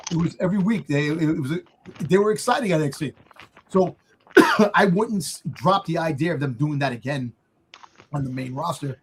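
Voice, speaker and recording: A man co-hosting a casual wrestling podcast, excitable and rambling, often repeating words. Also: a little high, moderate pace, slight background noise. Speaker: podcast co-host.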